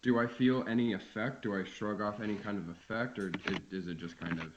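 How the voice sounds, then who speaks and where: A man's voice: on the low side, fairly even intonation, brisk, slight background noise. A man playing a tabletop role-playing game, easygoing and thinking aloud. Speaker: player. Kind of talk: tabletop role-play over voice chat. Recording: lo-fi and echoey.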